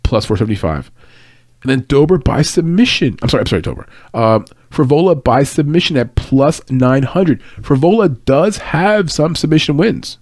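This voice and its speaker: A man's voice: fairly high pitch, very animated, moderate pace, darkish tone, dry recording, studio quality. A man hosting a casual fight-picks show from his computer, loose and conversational, punchy when making his betting picks. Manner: hyped, emphatic and punchy in the picks. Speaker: host giving fight picks and betting tips. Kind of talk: casual podcast breakdown. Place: home office at a computer. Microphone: desk mic, no edits.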